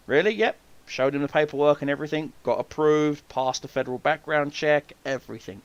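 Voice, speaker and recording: Profane, animated storytelling man, dull lo-fi audio. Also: a little high, moderate pace, no room sound. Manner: profane, animated storyteller acting out quoted exchanges. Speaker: podcast host. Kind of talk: casual storytelling chat.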